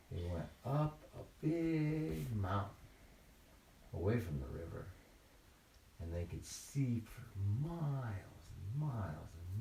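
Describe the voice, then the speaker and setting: An older man tells a bedtime story in a deep, gentle, unhurried voice. He is recorded from a distance in an echoing room, with faint noise beneath. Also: creaky. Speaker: grandfather telling a story. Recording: roomy, mic at a distance.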